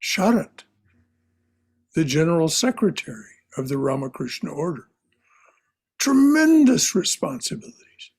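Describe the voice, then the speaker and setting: A man teaching a spiritual class in a slow, reflective way, often repeating his phrases softly. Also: on the high side, very animated, creaky, husky. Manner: repeats phrases, soft and contemplative.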